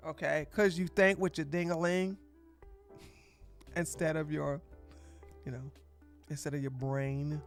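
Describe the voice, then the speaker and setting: Faint music plays behind a woman hosting a livestream podcast, where she offers blunt opinions, laughs often and reads out viewer donations. Her voice sits low with a steady tone, a little slow, with long pauses.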